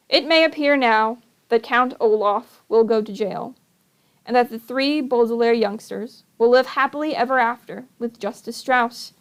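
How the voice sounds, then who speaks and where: A woman reading a children's novel aloud, with measured, wry storytelling. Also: fairly high pitch, clear, resonant tone.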